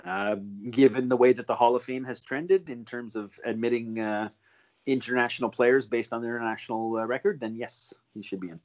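Easygoing podcast co-host, muffled sound. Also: male voice, medium pitch, steady tone, fairly quick, darkish tone. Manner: easygoing, hesitant, laughs often. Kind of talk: casual chat.

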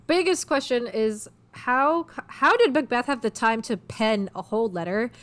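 A woman's voice: on the high side, moderate pace, a bit bright. A woman co-hosting a casual podcast about plays, talking chattily and explaining eagerly with many fillers. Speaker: podcast co-host. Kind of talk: casual chat about literature.

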